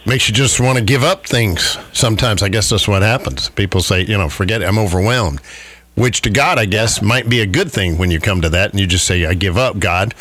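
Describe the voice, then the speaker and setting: A man's voice: on the low side, fairly quick, few pauses, fairly bright tone, breathy edge, dry recording. A man hosting a radio show, chatty and jokey, laughing often as he talks with his guest. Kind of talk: casual radio interview.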